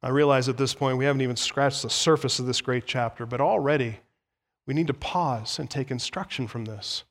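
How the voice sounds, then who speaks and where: A man preaching a sermon as pastor, emphatic and teacherly, building to animated peaks as he explains the text. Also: medium pitch, brisk. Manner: teacherly, explains Greek words. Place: church sanctuary.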